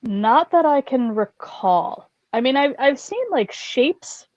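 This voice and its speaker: A woman with a fairly high voice tells stories as a podcast guest, animated and chatty, peppering her lines with "like". The sound is dry and close, a little dull and muffled. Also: slow pace, no room sound. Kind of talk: casual chat, storytelling.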